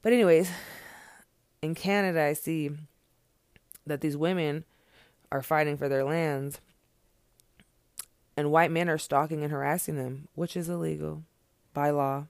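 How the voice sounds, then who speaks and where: Gravelly man in an angry rant. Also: fairly high pitch, fairly even intonation, a little slow, pauses often, no echo, studio quality. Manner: blunt, profane, preachy, with repeated phrases. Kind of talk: impassioned unscripted monologue.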